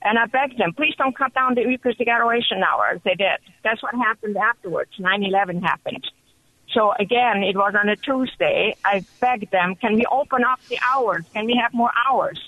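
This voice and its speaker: Woman, radio caller, chatty excited storytelling, muffled phone sound. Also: mid-range voice, moderate pace, no room sound. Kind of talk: call-in radio testimony. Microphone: telephone.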